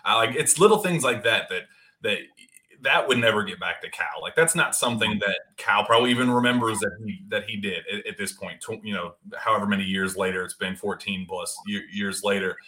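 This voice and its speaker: A man hosting a podcast, chatting in a relaxed way with a guest. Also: fairly low pitch, fairly quick. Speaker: podcast host. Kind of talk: casual interview.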